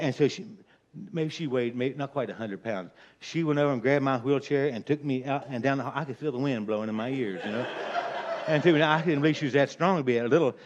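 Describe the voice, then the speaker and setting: A man's voice: mid-range voice, fast talker. Older man rambling through a folksy tale. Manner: folksy, rambling, chuckling as he tells it. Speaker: storyteller. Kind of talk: casual spoken anecdote. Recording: dull lo-fi recording.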